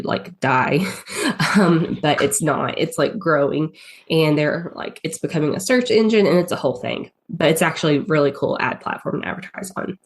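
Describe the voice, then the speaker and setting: A low-pitched woman with a Southern US drawl talks through a podcast interview with a cold. Her delivery is chatty and loose, peppered with filler words as she thinks aloud. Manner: chatty, lots of ums and likes. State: has a cold. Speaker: guest, paid ads strategist.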